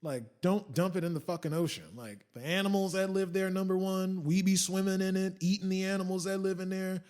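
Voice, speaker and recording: A man's voice: high voice, fairly even intonation, brisk, hardly any pauses, a little mellow. A man hosting a casual solo podcast, rambling and swearing, switching into mocking quoted voices. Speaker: podcast host.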